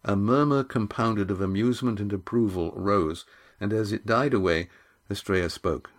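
A man reading a chapter of a novel aloud as narrator, in a measured, unhurried way. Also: lowish voice. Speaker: audiobook narrator. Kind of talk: scripted narration.

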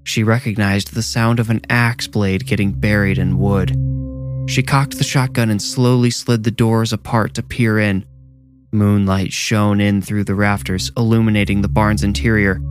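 A man with a low voice reads a horror story in a slow, measured way. Faint music plays softly under his scripted narration. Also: fairly even intonation.

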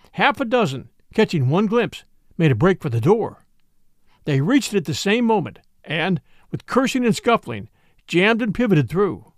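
A man reading an adventure story aloud as scripted narration, with expressive delivery. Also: high-pitched, no room sound, clean studio sound. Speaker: audiobook reader.

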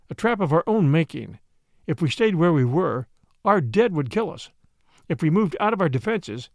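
A man reading a story aloud as an audiobook narrator, with expressive, shifting emphasis. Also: fairly high pitch, gravelly, no echo, studio quality.

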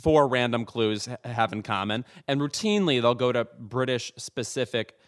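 A man's voice: mid-range voice, normal speed. A man co-hosting a podcast in casual chat, making wry, dry-humored remarks. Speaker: podcast co-host.

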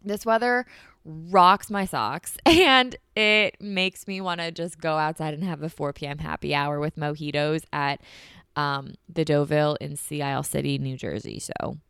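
A young woman hosts a casual solo podcast, bubbly and chatty, saying "like" constantly and sounding slightly congested from allergies. Her low voice is steady, smooth and fairly bright, a little slow, captured in a dry, clean studio recording.

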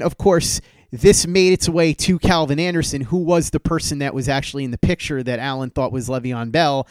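A man with a smooth, clear voice and a slightly higher pitch, speaking as a podcast host. He tells a personal story in a relaxed way and brings the quoted lines to life as he goes. The sound is close and dry, with no room around it. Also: a little fast, no echo. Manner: animated storyteller who acts out quoted dialogue. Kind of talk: casual storytelling tribute.

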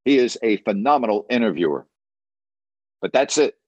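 Blunt, emphatic lower-voiced man. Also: animated, moderate pace, darkish tone, no echo, highs cut off. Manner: blunt, emphatic, repeats words for stress. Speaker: sports broadcaster. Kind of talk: storytelling monologue.

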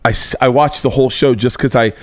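A man hosting a podcast interview, talking in an excitable, rambling way and slipping into playful voices. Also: medium pitch, fast, dry recording, clean studio sound. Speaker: podcast host. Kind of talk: casual interview chat.

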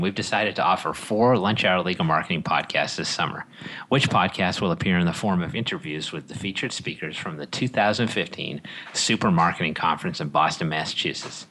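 Male podcast host, low and bright, wry and joke-heavy. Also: a little hiss or hum, low-quality recording. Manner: wry, joke-filled delivery. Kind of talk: scripted podcast intro and interview.

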